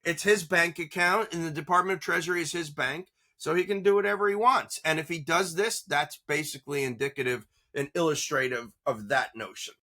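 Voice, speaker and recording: Exasperated man with a bright, cutting voice. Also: fairly high pitch, brisk, hardly any pauses. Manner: emphatic and exasperated, with frequent restarts. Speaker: political commentator guest. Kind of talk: animated political commentary.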